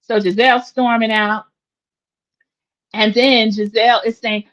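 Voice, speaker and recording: A woman's voice: a little high, normal speed, lo-fi sound. A woman in her forties chatting opinionatedly as she recaps a reality TV episode for her viewers. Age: 40s. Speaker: recap host.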